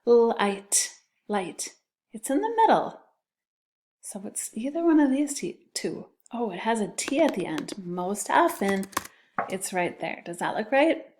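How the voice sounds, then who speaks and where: Woman teacher, unhurried pace, patient, sounds out letters for children. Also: mid-range voice, sing-song. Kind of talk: recorded spelling lesson for children.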